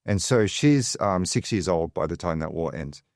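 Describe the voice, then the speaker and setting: A man's voice: sits low, expressive, normal speed, darkish tone, dry recording, studio quality. A man with an Australian accent telling his life story as an interview guest, chatty and digressive with lots of fillers. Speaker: guest, financial advisor.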